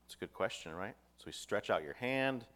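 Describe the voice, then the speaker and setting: A man's voice: lowish voice, lively intonation, fairly quick, a bit bright. A man preaching a sermon, reading scripture aloud with rising emphasis and putting rhetorical questions to his listeners.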